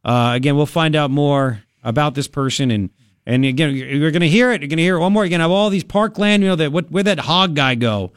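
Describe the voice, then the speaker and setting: A man hosting a political talk radio show, combative and sarcastic, talking fast and loose with frequent asides. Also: on the high side, clean tone, no room sound, studio quality.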